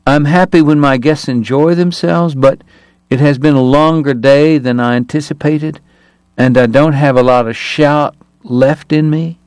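A courtly young gentleman, weary and slightly breathless, as a male narrator puts him on. He speaks with soft, dry wit and careful manners. The audiobook sound is close and dry. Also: fairly high pitch, fairly even intonation, measured pace, clear, resonant tone, dry recording, voice pushed up, natural voice. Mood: weary, polite. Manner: courtly, dryly witty, soft-spoken. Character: tired, genteel young Southern gentleman, wry and courtly.

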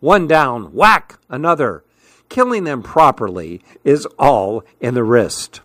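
Male host, reads a novel aloud at an easy, slow pace, dry sound. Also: medium pitch, no room sound.

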